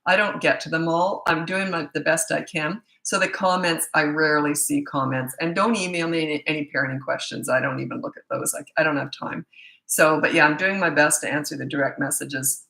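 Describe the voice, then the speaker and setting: A woman's voice: deep voice, steady tone, brisk, vocal fry, sharp tone, roomy sound, poor audio. Blunt, tired-voiced woman parenting coach. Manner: blunt, casual, loses track mid-thought. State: losing her voice. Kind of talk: live Q&A, answering viewer questions.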